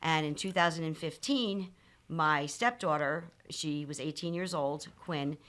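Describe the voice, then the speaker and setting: A woman in her fifties with a low voice tells a personal story on a podcast. She speaks candidly and earnestly, pausing on ums and restarting her sentences as she goes. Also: a bit bright. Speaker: podcast guest, nonprofit founder.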